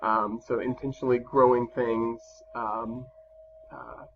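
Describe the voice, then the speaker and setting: The recording is lo-fi and slightly dull, with a faint background hum, capturing a male teacher's classroom lesson over slides. He talks slowly and casually in a sing-song, gravelly medium-pitched voice, often using fillers and restarting sentences.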